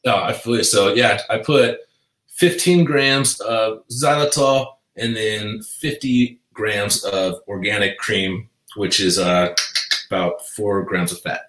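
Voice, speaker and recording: Laid-back dude in an echoey room. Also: male voice, fairly low pitch, slow pace, a bit bright. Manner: laid-back, says dude and bro a lot. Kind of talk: casual chat. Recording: roomy echo.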